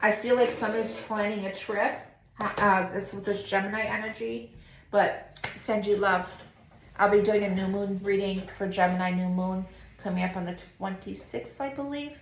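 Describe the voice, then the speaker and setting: A woman tarot reader talking through a spiritual reading in a soft, meandering way, with many pauses and fillers. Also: medium pitch, steady tone, slight background noise. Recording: roomy echo with faint ambience.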